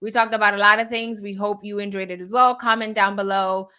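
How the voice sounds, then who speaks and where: Woman podcast co-host, chatty and opinionated, bright tone, easy laugh. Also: mid-range voice, flat delivery, brisk, clean tone. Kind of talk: casual chat.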